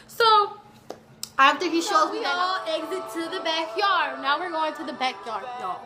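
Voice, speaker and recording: A young woman telling a casual storytime to her viewers, chatty and animated, calling them y'all. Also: very high-pitched, normal speed. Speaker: vlogger.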